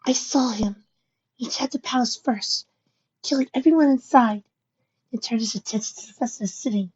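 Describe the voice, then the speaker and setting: A woman's voice: high-pitched, animated, fairly quick, darkish tone, slightly rough, highs cut off, pitched above the performer's own voice. A woman voicing a frightened, earnest young filly pony in a storybook reading. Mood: distressed.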